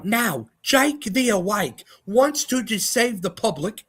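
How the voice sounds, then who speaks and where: A man doing a mocking impression of a smug debunker who lectures slowly and preachily in a raised voice. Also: high-pitched, sing-song, a bit bright, slight background noise, voice pushed up, heavily acted. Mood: smug lecturing.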